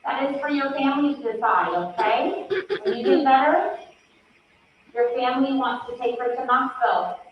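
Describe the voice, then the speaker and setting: A woman speaks gently and coaxingly, urging someone to breathe in short repeated phrases, her voice sitting a little high. The bedside recording is distant and echoey, muffled, with faint noise behind it. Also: expressive, normal speed. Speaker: investigator interviewing a hospital patient. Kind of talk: bedside interview recording played in court. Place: hospital room.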